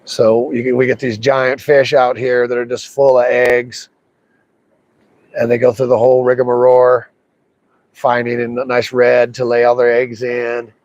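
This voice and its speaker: A man of ordinary pitch chats his way through a fishing trip outdoors by a river. He mutters to himself and coaxes the fish in a loose, rambling livestream manner. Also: completely flat delivery, measured pace, darkish tone, lo-fi sound. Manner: chatty, talks to himself and the fish. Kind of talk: casual live commentary while fishing.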